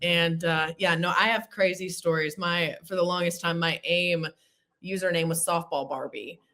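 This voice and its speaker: A woman in her thirties hosts a relaxed sports chat. Her voice sits a little low yet sounds bright and forward, and she talks in a playful, self-teasing way. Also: normal speed. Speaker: show host. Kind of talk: casual interview chat.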